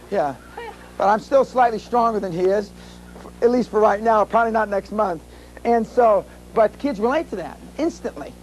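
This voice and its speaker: A man's voice: high-pitched, expressive, normal speed, slight background noise, rough recording. Blunt, profane older man speaking at a seminar. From USA. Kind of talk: live seminar talk.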